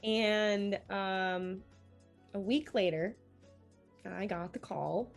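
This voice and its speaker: A young woman with a mid-range voice tells an interviewer her story, animated and quick to act out the lines of everyone she quotes. Faint music plays underneath. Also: mid-range voice, gravelly. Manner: animated, acting out quoted dialogue. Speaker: guest, newly accepted medical student.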